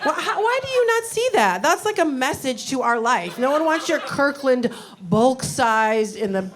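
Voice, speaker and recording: Middle-aged woman stand-up comic, wry and rambling, a little high-pitched, live club mic with crowd noise. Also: big pitch swings, moderate pace. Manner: wry, rambling, with sudden indignant outbursts. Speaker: stand-up comedian. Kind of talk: stand-up comedy set. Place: comedy club stage.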